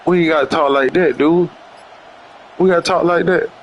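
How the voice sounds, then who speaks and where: A man's voice: on the high side, fairly even intonation, moderate pace, dull audio, a little hiss or hum. A man streaming a football video game, chatting casually in loose slang, joking and trash-talking with plenty of swearing. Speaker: gaming streamer. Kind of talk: casual livestream chat while playing.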